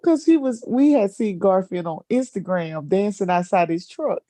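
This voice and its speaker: Woman, casual chat, mellow tone, dry close sound, laughs a lot. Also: moderate pace, hardly any pauses, dry recording. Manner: laughs often, acts out quotes in a high excited voice. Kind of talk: casual chat, animated storytelling.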